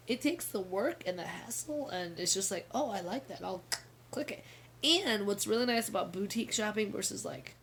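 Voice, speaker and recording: Woman, thirties, casual co-host, chatty, laughs a lot, mid pitch. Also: a little hiss or hum. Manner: chatty, laughs often, storytelling. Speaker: podcast co-host. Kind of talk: casual chat.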